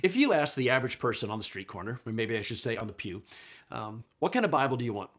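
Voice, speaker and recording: A man's voice: mid-range voice, sing-song, quick pace, fairly bright tone. A middle-aged man giving a conversational lecture on Bible translation, explaining patiently with frequent fillers and restarts. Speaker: Bible scholar and teacher.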